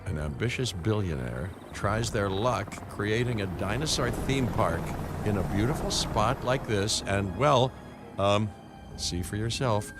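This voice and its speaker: A world-weary game storyteller, low and unhurried, his voice rising and falling in lively swings. He drawls out his lines with wry pauses over clear game music. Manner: wry, drawling, with scripted hesitations. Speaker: game narrator. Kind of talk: scripted game voice acting.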